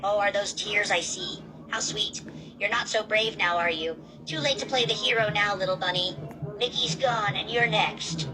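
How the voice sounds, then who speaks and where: A woman's voice: medium pitch, normal speed, crowd noise, voice pushed up, close to an everyday voice, rough recording. A woman voicing a huge, cruel male monster who taunts and gloats, in an amateur fan audio drama. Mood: mocking.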